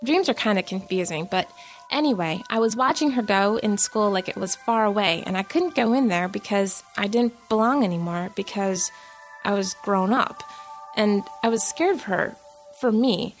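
A woman's voice: mid-range voice, moderate pace, faint music behind, lightly acted. A woman reading as a young girl who tells her own story in a chatty, grumbling, self-conscious way. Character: sulky young girl narrating her day. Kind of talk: first-person story reading.

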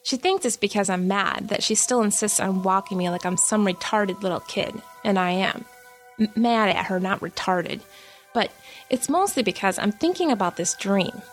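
A woman's voice: mid-range voice, expressive, moderate pace, soft background music, natural voice. A woman reading as a young girl who tells her own story in a chatty, grumbling, self-conscious way. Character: sulky young girl narrating her day. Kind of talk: first-person story reading.

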